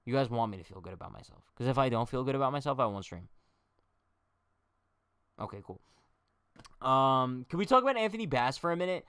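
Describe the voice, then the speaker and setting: A man's voice: mid-range voice, big pitch swings, brisk, long pauses, a bit bright, smooth, no echo, clean studio sound. A young man hosting a casual baseball livestream, chatting and joking straight to his viewers. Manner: chatty, jokey, talks to chat directly.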